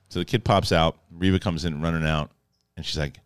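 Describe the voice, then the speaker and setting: Low-voiced man doing a casual review. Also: clear, resonant tone, no room sound. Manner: animated, jokey, acts out characters in quick asides. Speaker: film and TV reviewer. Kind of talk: casual spoken episode review.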